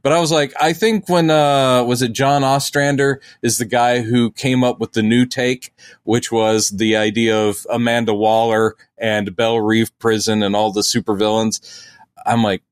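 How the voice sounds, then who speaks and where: A man's voice: medium pitch, steady tone, moderate pace, smooth, no room sound. A man co-hosting a podcast, chatting casually about comic books and acting out quotes in silly voices. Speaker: podcast co-host.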